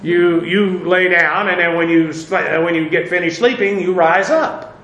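A man gives a verse-by-verse Bible lesson with a high, bright voice. He talks casually, with plenty of "uh"s and dry asides to his listeners. The room around him rings with echo. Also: unhurried. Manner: conversational, many fillers, wry asides. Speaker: Bible teacher.

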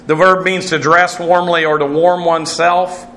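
A pastor teaches his Bible class a verse-by-verse Greek word study, methodically spelling each word letter by letter with many "uh" fillers. His voice is fairly high and bright with little pitch movement, at a normal pace, in a reverberant space.

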